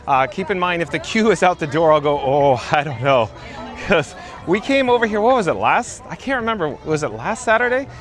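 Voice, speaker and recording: A man's voice: high voice, big pitch swings, fairly quick, fairly bright tone. A man hosting a live-streamed walking tour outdoors in a theme park, chatting and reading viewer comments aloud, recorded on a handheld mic while walking.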